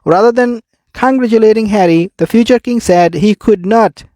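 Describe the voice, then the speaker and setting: A man with a high, light voice hosts a royal news commentary show. He talks in an emphatic, scornful way and keeps breaking off to read out quotes from the press. The sound is close and dry. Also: moderate pace, warm tone, dry recording. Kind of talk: opinionated commentary.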